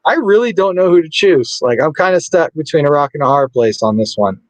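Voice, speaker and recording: A man's voice: fairly high pitch, animated, a little fast, no room sound, rough recording. A man co-hosting a podcast, chatting casually and playfully, sometimes stumbling over names. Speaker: podcast co-host. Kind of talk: casual sports chat.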